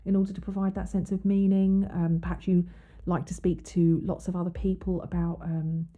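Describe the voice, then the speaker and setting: A woman's voice: fairly low pitch, level tone, normal speed, phone-quality sound. A woman hosting an astrology podcast, talking casually with many ums and restarts. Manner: chatty, many ums and restarts, reads quotes aloud. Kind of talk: casual explanatory monologue.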